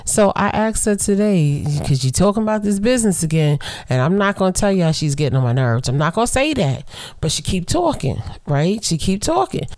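A middle-aged woman hosting her own podcast, chatting playfully and straight to her listeners, slowing down to lean on the words she wants to stress. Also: medium pitch, sing-song, a little mellow, no echo. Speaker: podcast host. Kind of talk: casual solo podcast chat.

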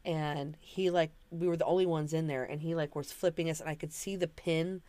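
A woman from Washington state co-hosts a podcast in casual chat, speaking fairly quickly in a deep, steady, dark-toned voice. She tells rambling stories full of restarts, and the recording has no room sound.

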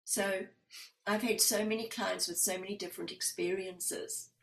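A woman hypnotherapist guest recounting her client sessions and lending her voice to each person in them. Her pitch sits in an ordinary middle range, and the room gives her an audible echo. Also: normal speed, vocal fry. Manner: animated, acts out quoted dialogue. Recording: roomy echo.

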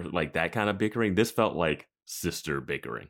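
A man's voice: low voice, lively intonation, moderate pace, vocal fry, a bit bright. A man co-hosting a podcast, chatting casually with musing comments and frequent laughs. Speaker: podcast co-host. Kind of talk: casual chat.

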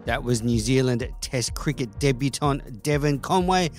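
A man hosting a daily cricket podcast, presenting the news in a clear, steady delivery. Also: medium pitch, normal speed, soft background music. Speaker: host.

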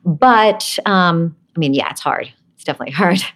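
A woman's voice: lowish voice, moderate pace, fairly bright tone. A woman in her forties from Brooklyn, an actress chatting as an interview guest, rambling with asides and laughing often. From Brooklyn, USA. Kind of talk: casual interview chat.

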